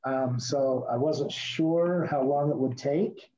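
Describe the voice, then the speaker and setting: A middle-aged man teaching a real estate class over a video call, talking fast as he walks through forms. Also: medium pitch, dark tone. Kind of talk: virtual class lecture. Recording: muffled lo-fi video call audio.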